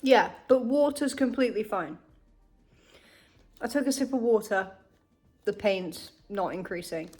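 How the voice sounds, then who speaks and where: A woman's voice: medium pitch, unhurried, long pauses, a little mellow, husky, soft background music. A young woman chatting casually to camera in a vlog, candid and chatty with frequent swearing, while in pain. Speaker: vlogger.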